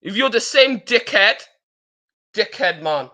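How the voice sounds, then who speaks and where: A woman's voice: medium pitch, animated, takes it slowly, bright, forceful tone. A woman with a Manchester accent talking on a live-stream panel, blunt, profane and confrontational. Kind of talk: heated live-stream talk.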